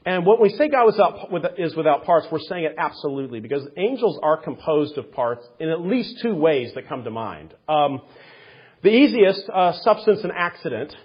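Man, theology lecture, rambling and self-correcting, raspy voice, muffled recording. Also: on the high side, sing-song, moderate pace. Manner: discursive, self-correcting, with rhetorical questions and asides. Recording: dull lo-fi recording.

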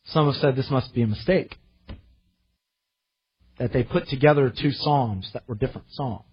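A male pastor preaching a sermon, impassioned and slowing down to stress the scripture he reads, heard in a church. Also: medium pitch, husky, dull audio. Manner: impassioned, slows to emphasize scripture.

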